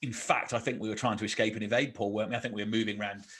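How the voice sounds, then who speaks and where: Guy on a podcast, bright punchy voice, chatty, pokes fun at himself. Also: lowish voice, racing. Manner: chatty, animated when quoting, self-mocking. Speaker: podcast co-host, ex-army officer. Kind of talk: casual conversational storytelling.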